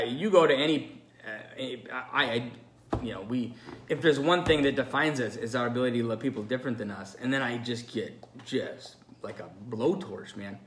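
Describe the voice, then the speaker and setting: A man's voice: mid-range voice, a bit bright, a little hiss or hum. A man, a pastor, giving an earnest, rambling, unscripted message to his listeners. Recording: echoey room.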